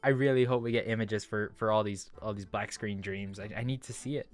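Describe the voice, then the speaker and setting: A man's voice: fairly low pitch, fairly even intonation, a little fast, soft background music. A young man commenting casually while playing a story game, musing aloud and often restarting his sentences. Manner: chatty, musing, trails off and restarts. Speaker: gaming video creator. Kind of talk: let's play commentary and reading a visual novel.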